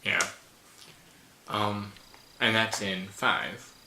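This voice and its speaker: A man's voice: on the low side, fairly even intonation, drawn-out words, vocal fry, noisy background. A tired man in a casual film chat, hesitant and often searching for the right word. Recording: roomy echo.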